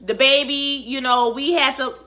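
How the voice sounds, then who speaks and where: A woman casually recapping a TV episode in a chatty, animated, profane way, calling viewers honey and child. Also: high voice, normal speed. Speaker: vlogger recapping a TV series.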